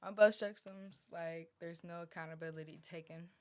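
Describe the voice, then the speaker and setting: A woman's voice: lowish voice, fairly even intonation, normal speed. A woman guest on a casual podcast chat, speaking in a self-assured, agreeable way.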